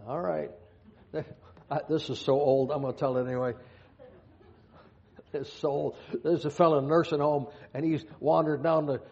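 A man's voice: fairly high pitch, creaky, warm tone. A man preaching a sermon, reading scripture aloud and dropping folksy, joking asides. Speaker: pastor. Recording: dull lo-fi sound.

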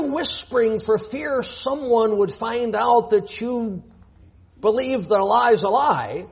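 Husky high-voiced preacher man. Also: takes it slowly. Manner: emphatic, rhetorical questions, reads scripture aloud. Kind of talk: sermon. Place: church.

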